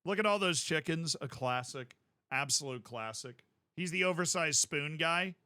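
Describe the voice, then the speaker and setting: A man streaming a game, chatting casually in a rambling, jokey way with sudden loud outbursts. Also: fairly high pitch, animated, moderate pace, clear, resonant tone, dry recording, studio quality.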